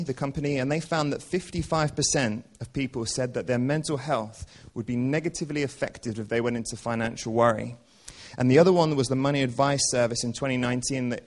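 A man's voice: mid-range voice, a little mellow. Young male preacher, informal earnest sermon style, frequent ums. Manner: casual, earnest, with many fillers. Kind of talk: church sermon.

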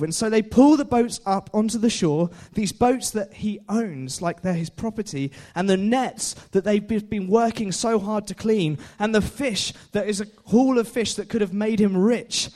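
A man's voice: high-pitched, moderate pace, hardly any pauses, a little mellow. A young man preaching a casual sermon, chatty, laughing often and putting questions to his listeners. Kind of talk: informal sermon.

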